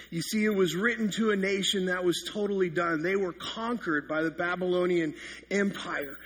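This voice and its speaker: A man's voice: a little high, fairly bright tone, husky. A man in his thirties, a pastor giving a sermon that opens with funny, self-mocking stories. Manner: self-deprecating storytelling with comic exaggeration.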